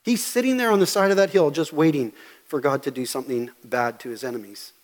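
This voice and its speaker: A pastor preaching a sermon, talking conversationally with asides and reading scripture aloud. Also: male voice, on the high side, quick pace, in a large hall. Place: church sanctuary.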